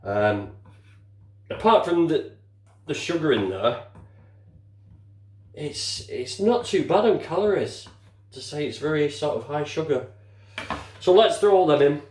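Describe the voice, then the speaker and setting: A man's voice: a little high, very animated, a little slow, long pauses, a little mellow. An older man, chatting casually through a cooking demonstration, muttering and swearing mildly as he works. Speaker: home cook. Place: home kitchen. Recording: echoey kitchen. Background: clinking dishes and utensils.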